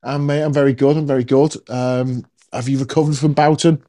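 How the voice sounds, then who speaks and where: A man's voice: medium pitch, flat delivery, brisk, dark tone. A man hosting a podcast, chatting casually and jokily with plenty of ums. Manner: chatty, jokey, lots of ums. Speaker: podcast host. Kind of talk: casual chat.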